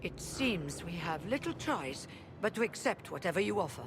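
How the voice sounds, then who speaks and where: An actor voicing a solemn, measured leader of rebel mages in a video game. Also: medium pitch, very animated, noisy background.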